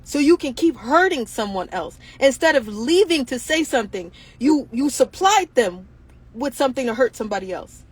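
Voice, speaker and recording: A woman's voice: high voice, animated, moderate pace, slightly rough. A woman hosting her own show, speaking in an impassioned monologue full of indignant rhetorical questions. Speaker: show host.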